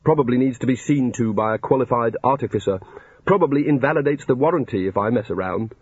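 A man's voice: mid-range voice, quick pace, darkish tone, slightly rough, dry recording, lightly acted. A man voicing a cowardly, hapless wizard who mumbles and mutters grumpily. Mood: grumbling. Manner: mumbling, muttering, put-upon. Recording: dull lo-fi recording.

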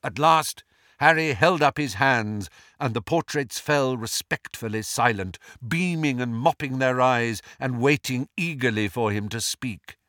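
A man reading a fantasy novel aloud as an audiobook narrator, with expressive, measured storytelling. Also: medium pitch, no echo, studio quality. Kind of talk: scripted narration.

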